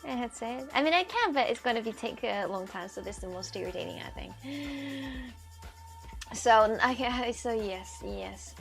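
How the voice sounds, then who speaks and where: Faint music plays as a woman livestreamer strolls outdoors through a city, casually chatting, laughing often, and reading viewer comments out loud. Her animated voice is on the high side and gravelly, delivered at a moderate pace.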